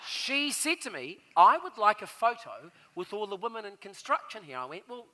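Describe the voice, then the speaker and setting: A man's voice: high voice, very animated, moderate pace, sharp tone. A man telling stories as a guest on a live stage show, animatedly acting out the voices of the people in them. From New Zealand. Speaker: guest storyteller.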